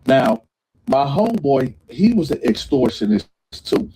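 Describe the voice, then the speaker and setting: A man telling a jail story in slangy, animated style, acting out what others said. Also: mid-range voice, moderate pace, husky, rough recording. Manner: acts out other people's voices, swearing, slangy. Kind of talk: animated storytelling with acted-out quotes.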